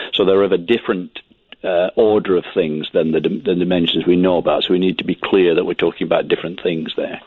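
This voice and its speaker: A Scottish man from Scotland, a guest scientist explaining things in a measured way on a radio interview. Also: low-pitched, husky, no room sound. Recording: dry phone-line audio.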